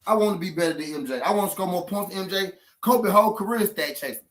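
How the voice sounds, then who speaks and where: A man's voice: high-pitched, fast. A man from Memphis, hosting casual sports talk in a profane, argumentative, repetitive way. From Memphis, Tennessee.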